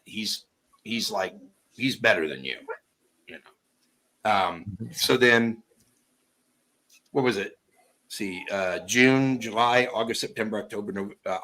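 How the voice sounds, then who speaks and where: Brief: man, rambling and blunt, low-pitched, forceful tone. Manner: rambling, peppered with "you know"; blunt and emphatic. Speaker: guest commentator. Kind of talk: casual chat.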